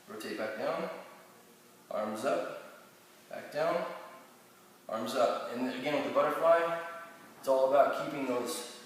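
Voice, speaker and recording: A man's voice: mid-range voice, far from the mic, slight background noise. Man coaching exercises in an echoey room. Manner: step-by-step coaching with small restarts. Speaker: chiropractor demonstrating exercises. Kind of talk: exercise instruction. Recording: very echoey room, heard from afar.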